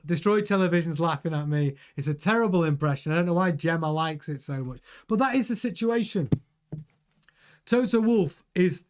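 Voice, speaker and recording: Male stream host, high-ish voice, chatty, stumbling restarts. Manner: chatty, restarts and repeats words. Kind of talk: live-stream news commentary, reading chat.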